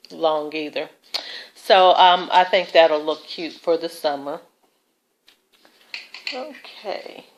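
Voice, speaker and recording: A woman chatting casually about her thrift store finds in a vlog, with fillers and self-corrections. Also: lowish voice. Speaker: thrift haul vlogger. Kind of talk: casual show-and-tell vlog.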